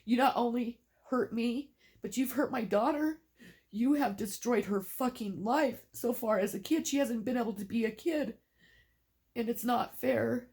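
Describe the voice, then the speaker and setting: A woman's voice: a little high, measured pace, a little mellow. Tearful, defiant middle-aged woman. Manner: angry, defiant, swearing. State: tearful, emotional. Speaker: mother speaking out. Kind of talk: emotional monologue to camera.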